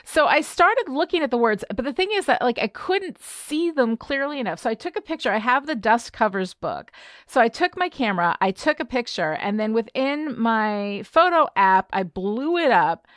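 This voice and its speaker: A woman from New York State, co-hosting a podcast and telling a story in a lively, self-deprecating way. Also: on the high side, normal speed, no echo, clean studio sound. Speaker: podcast co-host. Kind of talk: casual chat.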